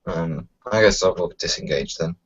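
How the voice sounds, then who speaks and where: A man's voice: deep voice, normal speed, husky. A man playing a tabletop game, unsure and hesitant, thinking aloud about his moves. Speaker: player. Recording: dull lo-fi home recording.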